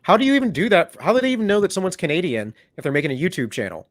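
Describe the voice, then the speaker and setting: A man's voice: high-pitched, very animated, rapid-fire, no room sound, studio quality. A man hosting a casual livestream chat, talking in a loose, rambling way and often correcting himself mid-sentence. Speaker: stream host.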